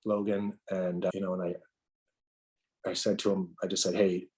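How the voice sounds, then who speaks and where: A middle-aged man with a fairly low voice recounts a personal experience on a podcast. He talks haltingly, doubling back on words and leaning on fillers as he works through the story. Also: little pitch movement, a little mellow. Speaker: podcast guest.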